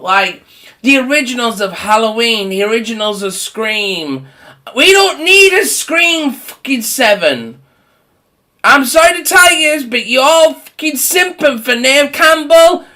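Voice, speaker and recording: Slow, bright-voiced man ranting profanely. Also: extremely high pitch. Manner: rambling, swears a lot, laughs between points; mocks others with put-on voices. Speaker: horror movie vlogger. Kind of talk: profane casual rant.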